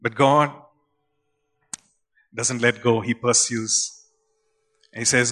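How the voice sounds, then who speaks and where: A man preaching a sermon, retelling scripture stories in an animated, conversational way. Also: mid-range voice, unhurried, long pauses. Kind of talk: sermon storytelling.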